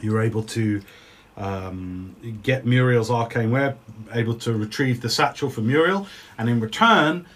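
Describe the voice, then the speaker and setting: A man's voice: mid-range voice, normal speed, a bit bright. A man serving as game master for his children, narrating their tabletop adventure in a loose, joking way and laughing easily.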